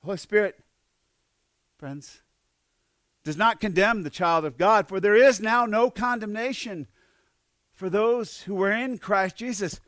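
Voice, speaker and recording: A man with a high voice preaching with earnest conviction. He often repeats words and swings from loud calls to hushed lines. The sound is dry and close, with no room around it. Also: a little slow, long pauses, no echo. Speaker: pastor. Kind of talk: sermon.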